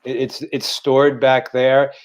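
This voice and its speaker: Co-host, 60s man, candid halting storyteller on a video call. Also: mid-range voice, completely flat delivery, clean tone. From Staten Island, New York. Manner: halting, repeats words, emotional. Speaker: podcast co-host.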